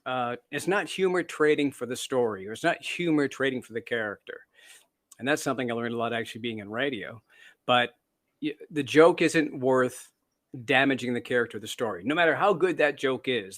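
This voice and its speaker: A man's voice: mid-range voice, a little fast, a bit bright. A Canadian-born man, an author being interviewed, telling stories in a chatty, self-deprecating way with frequent fillers and restarts. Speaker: author guest. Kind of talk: casual interview storytelling.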